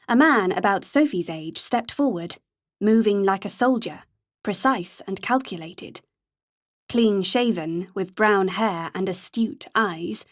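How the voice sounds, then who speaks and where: A woman narrating an audiobook in a measured, steady storytelling manner. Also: medium pitch, no echo, clean studio sound.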